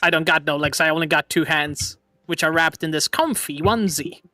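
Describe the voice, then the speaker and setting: A man's voice: a little high, brisk, sharp tone, no room sound, studio quality. A young man hosting a casual streamed chat, laughing often and talking playfully. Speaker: VTuber streamer host.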